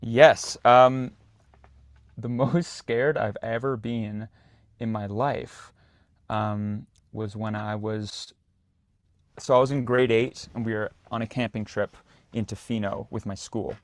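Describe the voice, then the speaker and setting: Animated young man telling stories. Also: fairly low pitch, takes it slowly, no room sound. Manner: animated storyteller, loose and filled with "like". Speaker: guest, actor and singer. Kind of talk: casual storytelling in a podcast interview.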